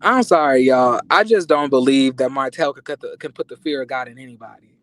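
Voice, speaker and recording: A man vlogging reality TV commentary in an animated, emphatic, profane rant with quick apologetic asides. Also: mid-range voice.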